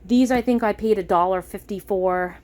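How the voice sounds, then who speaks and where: A middle-aged woman with a Massachusetts accent, chatting casually about a grocery haul and getting excited over bargains. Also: mid-range voice, normal speed. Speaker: vlogger.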